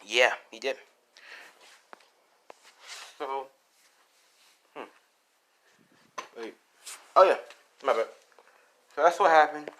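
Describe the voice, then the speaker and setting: A man's voice: mid-range voice, extremely slow, long pauses, a bit bright, slight background noise. A man casually retelling a fan story, rambling along with lots of fillers and swearing.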